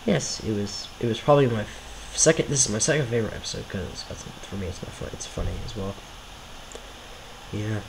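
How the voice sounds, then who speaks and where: A man's voice: fairly low pitch, expressive, a little fast, background noise. A man giving casual, rambling commentary over his own homemade video series, often apologetic and self-deprecating.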